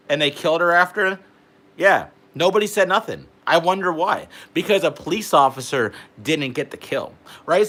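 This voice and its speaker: A man's voice: fairly high pitch, a bit bright. A young man, delivering a heated, profane political rant to camera and peppering his talk with "bro". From Canada. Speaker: vlogger.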